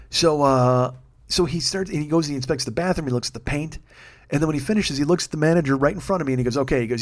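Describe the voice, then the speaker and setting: Fast-talking profane male podcast host. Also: a little high. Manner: profane, self-deprecating, rambling. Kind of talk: casual storytelling monologue. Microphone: studio microphone.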